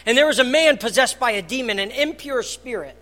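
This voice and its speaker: An earnest pastor preaches in a church, moving between hushed, almost murmured phrases and loud, emphatic bursts. The voice sits at a middle pitch and builds steadily toward each point. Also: lively intonation, a little fast. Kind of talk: sermon. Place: church hall.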